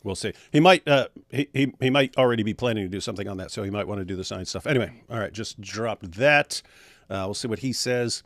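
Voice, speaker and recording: A man's voice: on the low side, quick pace, no room sound, clean studio sound. A male show host chatting casually on a livestream, jokey and rambling. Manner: jokey and rambling, breaks into silly voices.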